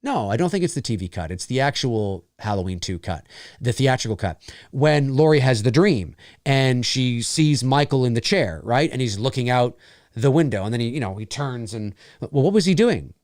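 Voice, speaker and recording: A man's voice: medium pitch, expressive, normal speed, a little mellow, dry recording, clean studio sound. A man from Canada hosting a casual live-stream Q&A, rambling, repeating phrases and reading out viewers' comments.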